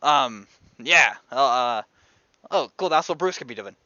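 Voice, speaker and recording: A man with a bright, crisp voice plays his character in a tabletop game, tripping over his words. He sounds dry and close, through a dull lo-fi mic. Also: fairly high pitch, lively intonation, normal speed, no echo. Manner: stammering, laughing easily. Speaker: player. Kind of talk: casual tabletop role-play.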